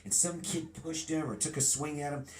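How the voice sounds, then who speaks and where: A middle-aged man being interviewed, telling a childhood story in a lively storytelling way and acting out remembered lines. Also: a little high, normal speed. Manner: animated storyteller, acts out quotes. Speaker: guest.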